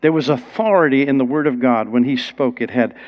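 A man's voice: medium pitch, a little fast. A man preaching a sermon in a conversational, storytelling way. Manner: conversational, rising to excited storytelling.

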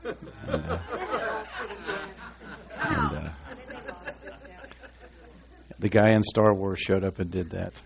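A man with a lowish voice preaches to his congregation in a relaxed, folksy way. He wanders off into asides and restarts, then reads scripture aloud. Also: slow, creaky, over a noisy crowd. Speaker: pastor. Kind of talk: sermon. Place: church.

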